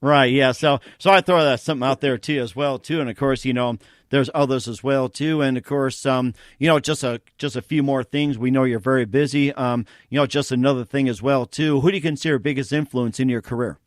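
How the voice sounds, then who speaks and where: A man of middle pitch hosts a relaxed interview. He tacks repetitive filler phrases onto his sentences. The sound is dry and close. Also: a little fast, dry recording. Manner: repetitive phrasing, leans on "as well, too". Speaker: show host. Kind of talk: casual interview.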